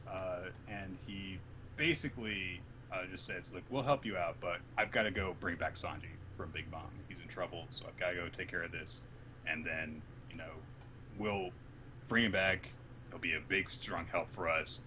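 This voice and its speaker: Deep-voiced man casually recapping manga. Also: unhurried, pushed and bright, a little hiss or hum. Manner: retells scenes acting out characters' lines with big pitch jumps. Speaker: podcast co-host.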